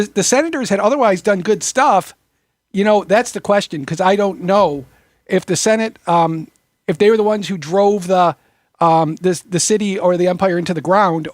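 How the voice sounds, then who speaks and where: A man with a high voice joins a casual group discussion. He explains history haltingly, pausing often on um and uh, and his voice sounds dry and close. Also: no echo. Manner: halting, many fillers, lecturing on history. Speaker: discussion participant.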